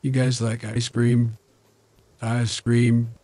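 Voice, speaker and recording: A mumbly, meandering old politician voiced by a Yorkshire man through a voice changer, with a Yorkshire accent still bleeding through. The tone is dark and mellow, and the sound is close and dry. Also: medium pitch, monotone, slow, no echo, pitched below the performer's own voice. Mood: rambling. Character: rambling forgetful old male American politician. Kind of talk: gaming commentary in a put-on voice.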